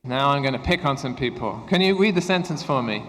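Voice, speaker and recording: A man presenting an interactive workshop for English teachers, upbeat and encouraging as he gives quick instructions. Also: medium pitch, lively intonation, slight background noise. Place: conference room at a university. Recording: echoey hall with long reverb.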